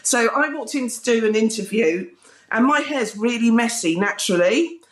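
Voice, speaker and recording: A British woman, a former music TV presenter, telling lively anecdotes with frequent laughter in a casual interview. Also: a little high, moderate pace, roomy sound. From Britain. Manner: bubbly, laughing, animated anecdotes with mimicked quotes.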